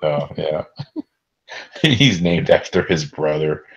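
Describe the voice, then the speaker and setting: A man's voice: a bass voice, animated, slow pace. A young man co-hosting a podcast, chatting casually in a rambling, joking way. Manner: laid-back, rambling, joking, often restarts. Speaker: podcast co-host. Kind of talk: casual chat. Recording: dull lo-fi sound.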